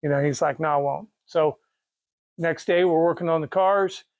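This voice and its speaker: With a slightly high voice, fairly even intonation, and a moderate pace, a middle-aged Kansan who owns a race car parts business tells a story casually. It's rambling and folksy, with restarts and quoted dialogue, and there's no echo.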